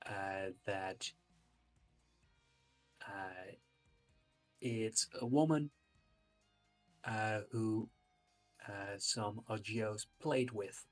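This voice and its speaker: A man narrating as game master of a tabletop game, pausing often with fillers. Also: fairly low pitch. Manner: halting, with many "uh" fillers.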